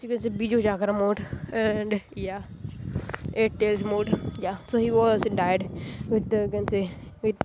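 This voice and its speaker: A woman casually retelling a fan story, halting often, padding with filler phrases and correcting herself. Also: mid-range voice, noisy background.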